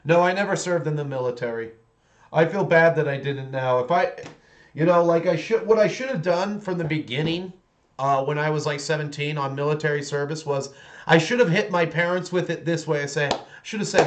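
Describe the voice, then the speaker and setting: A man's voice: on the high side, fairly quick. A man in his forties chatting casually on a livestream while painting miniatures, rambling along with many restarts.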